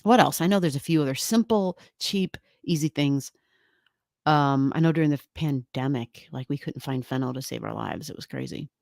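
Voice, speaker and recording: A woman's voice: very deep voice, normal speed, gravelly, darkish tone, no echo, studio quality. A woman hosting an astrology livestream, chatting casually and rambling as she greets viewers and reads comments, laughing often and swearing lightly. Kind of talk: casual live-stream chat reading viewer comments.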